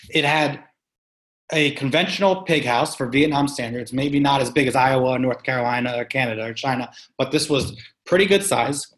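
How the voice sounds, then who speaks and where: A man talking as an interview guest about farming, telling an animated story with emphatic, punchy delivery and casual swearing. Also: mid-range voice. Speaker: guest, sustainable farming practitioner. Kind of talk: conversational storytelling.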